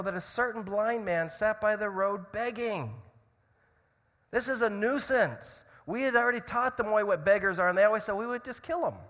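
A man preaching a sermon, telling a story dramatically and swinging from loud shouts to hushed tones. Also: high voice, long reverb tail.

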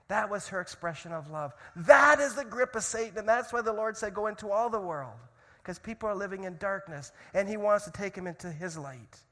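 A man preaching a sermon as a missionary, swinging from loud urgency to hushed storytelling. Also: a little high, fairly quick, long reverb tail. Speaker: missionary speaker.

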